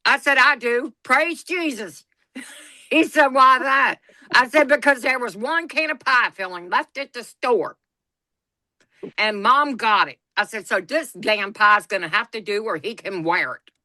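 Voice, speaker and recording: With a slightly high, sharp-toned voice and a measured pace, a woman co-hosting a podcast shares a family story. She is folksy and blunt, laughing as she tells it in relaxed conversation, and the audio has no room sound.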